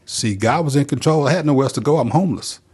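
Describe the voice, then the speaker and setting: A man's voice: medium pitch, fast talker, darkish tone, breathy edge. A middle-aged man from North Carolina, telling his recovery story as a guest in an earnest, plainspoken way. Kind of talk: personal recovery testimony.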